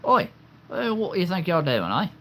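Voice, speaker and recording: Blustery british tough guy, some guy doing a high put-on accent, squawks at you. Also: very animated, normal speed, fairly bright tone, slight background noise, full character voice. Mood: confrontational. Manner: blustery, challenging. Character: gruff British male tough guy confronting someone.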